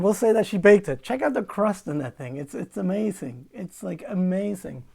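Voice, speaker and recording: A woman's voice: mid-range voice, animated, moderate pace, vocal fry, darkish tone, slightly rough. A woman hosting an online concert from home, chatting casually and rambling, often correcting herself mid-sentence. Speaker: concert series host. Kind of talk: casual livestream chat.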